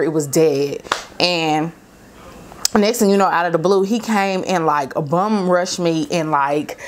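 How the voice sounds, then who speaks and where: Woman, middle-aged, vlogger, storytime, animated, slangy, direct to viewers. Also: lowish voice. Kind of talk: storytime vlog, casual storytelling.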